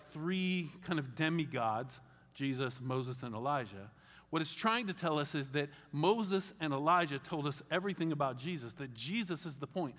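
A man pastor delivers a sermon in a slightly raised voice, conversational and animated, with wry asides to the congregation. His words carry a long reverb from a large hall. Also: on the high side.

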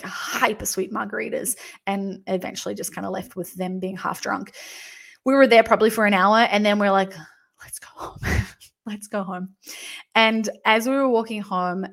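A young woman recounting her travels in a loose, chatty way, peppering her talk with filler words. Her voice carries a steady vocal fry at a mid pitch. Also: normal speed. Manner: chatty, frequent "like" fillers and laughter. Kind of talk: casual travel storytelling.

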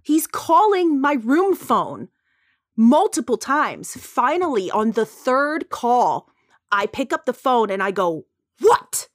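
Animated woman telling a story on a podcast. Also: a little high, slow pace, no echo, clean studio sound. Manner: animated, full of "like" and sighs, acts out quotes. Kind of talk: casual storytelling chat.

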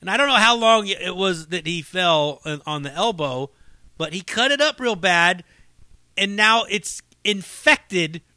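A man's voice: high voice, expressive, unhurried, pushed and bright, dry recording. A man hosting a podcast, telling stories in a profane, rambling, casual monologue with frequent laughs. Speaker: podcast host and comedy show runner.

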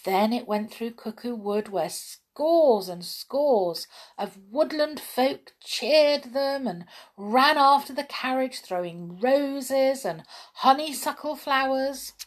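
A woman reading a children's storybook aloud in a gentle, expressive way. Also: sits high, slow. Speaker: storybook reader.

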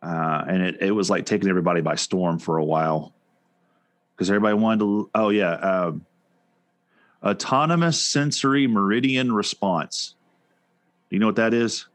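A man's voice: lowish voice, moderate pace, pauses often, no room sound. A man co-hosting a casual chat show, talking in a rambling way with many restarts and fillers. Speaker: podcast co-host.

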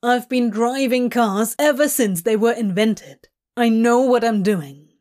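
A woman's voice: on the high side, lively intonation, takes it slowly. A woman voicing a smug, mocking male demon in a storybook reading. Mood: confident. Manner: mocking, drawling.

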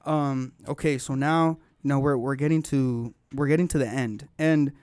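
A man on a podcast telling a long story in casual chat, animated and full of slang and swearing. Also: medium pitch, moderate pace, clean tone, dry recording, clean studio sound.

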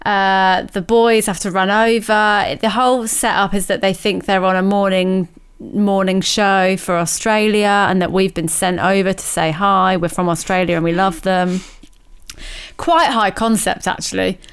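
A woman co-hosting a podcast in relaxed, chatty conversation. Her voice is smooth and clear, and she laughs easily as she tells a long story. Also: mid-range voice, measured pace. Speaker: podcast co-host. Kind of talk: casual chat.

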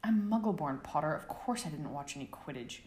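A woman's voice: low-pitched, expressive, brisk, a little mellow, echoey room. A woman voicing a cool, cutting teenage witch girl in a storybook reading.

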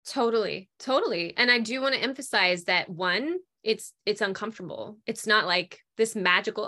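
A woman in a relaxed conversation, explaining her ideas with animated energy. She often slips into quick little voices for what people think to themselves. Her voice has a bright, forward tone. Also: mid-range voice. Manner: animated, acts out inner voices. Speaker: guest on food and cravings. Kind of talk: casual conversation.

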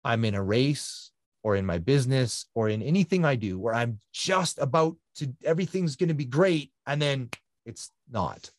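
A man's voice: mid-range voice, lively intonation, moderate pace, no echo. A man, a guest endurance athlete, telling his personal story in an earnest, reflective conversational way, often repeating phrases for emphasis.

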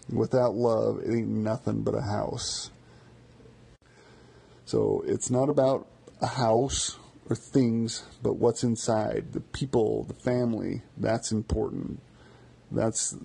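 A man casually talking through his favorite songs for a podcast, in a relaxed, rambling way with many fillers and repeated words. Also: mid-range voice, vocal fry, slightly rough. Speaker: music podcaster. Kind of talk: casual spoken music commentary.

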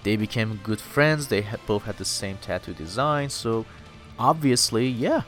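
A man's voice: lowish voice, expressive, normal speed, fairly bright tone, faint music behind. A man casually recapping a manga chapter, loose and rambling, full of fillers and "dude".

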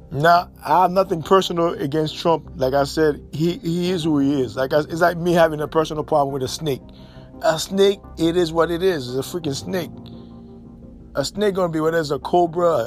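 A man delivering an impassioned monologue as a social commentator, preachy and repetitive, firing rhetorical questions. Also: fairly high pitch. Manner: preachy, repeats points, fires rhetorical questions.

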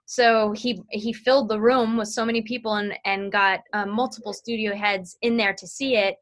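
A woman sales training consultant talking as an interview guest, chatty and explanatory, with quick asides as she explains phone technique. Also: mid-range voice, steady tone.

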